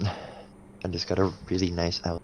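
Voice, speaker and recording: Man, young adult, low voice, casual podcast co-host, rambling, laughs a lot, faint hum. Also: completely flat delivery, a little slow. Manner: rambling, laughs often, restarts mid-sentence. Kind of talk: casual chat.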